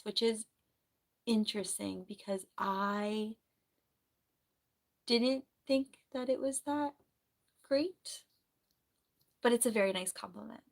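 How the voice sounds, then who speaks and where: A woman streams live in a casual, rambling chat and reads out comments as she goes. She speaks softly at a middling pitch, and her sore throat makes her clear it now and then. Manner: chatty, rambling, soft-spoken.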